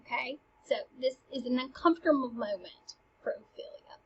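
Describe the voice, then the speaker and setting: A woman's voice: high-pitched, moderate pace, dull audio, a little hiss or hum. A young woman casually explaining a classic play and reading its lines with dramatic emphasis. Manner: chatty, dramatic, stresses quoted lines. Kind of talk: casual lesson with read-aloud quotes.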